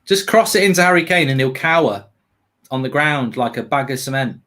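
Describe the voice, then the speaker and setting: A man's voice: medium pitch, lively intonation, brisk, a bit bright. A man hosting a live football watchalong, ranting animatedly and swearing freely. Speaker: host.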